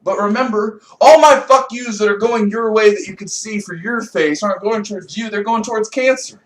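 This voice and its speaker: A young man, a comedian, giving a rambling, profane rant that swings from low mutters to loud outbursts. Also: brisk, far from the mic. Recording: echoey room, a bit off-mic.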